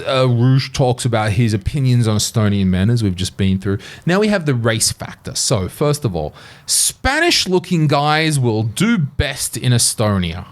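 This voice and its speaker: Animated man telling stories on a podcast. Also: medium pitch, moderate pace, hardly any pauses. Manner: animated storytelling, swearing freely. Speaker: podcast host. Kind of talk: casual podcast chat. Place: studio.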